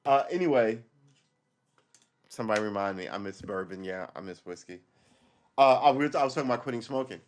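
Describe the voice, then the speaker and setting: A man's voice: lowish voice, lively intonation, brisk, long pauses. A man in his forties telling a rambling story on his livestream, swearing and losing his train of thought. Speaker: livestream host. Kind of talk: casual storytelling monologue.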